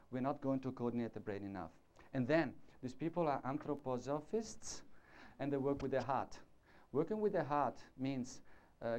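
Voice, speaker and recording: Dark-voiced man lecturing at a conference. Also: mid-range voice. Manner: discursive, demonstrating with gestures and asking the audience. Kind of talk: live conference talk. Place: lecture hall before an audience. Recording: dull lo-fi 1990s conference tape.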